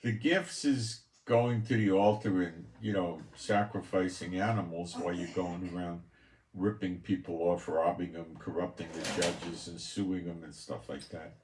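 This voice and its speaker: A man's voice: sits low, fairly even intonation, normal speed, a little hiss or hum. A man preaching from scripture, reading verses aloud and adding blunt, scornful commentary. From Israel. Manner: blunt and scornful, stressing scripture passages loudly. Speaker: preacher and Bible teacher. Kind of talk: Bible-reading sermon with commentary. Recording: echoey room.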